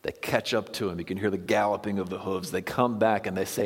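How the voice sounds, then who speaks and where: A male pastor with a fairly low voice walks his congregation through a Bible story in a relaxed, conversational sermon. His words ring out with a long reverb from a church hall. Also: fairly quick, hardly any pauses. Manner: casual storytelling with lively asides. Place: church sanctuary.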